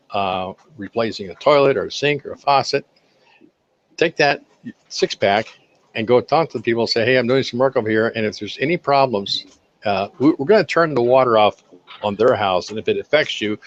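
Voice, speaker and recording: Folksy older man telling business stories. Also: medium pitch. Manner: folksy, animated anecdotes with acted-out quotes. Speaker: guest, accounting firm owner for contractors. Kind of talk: casual interview storytelling. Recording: slightly dull lo-fi sound.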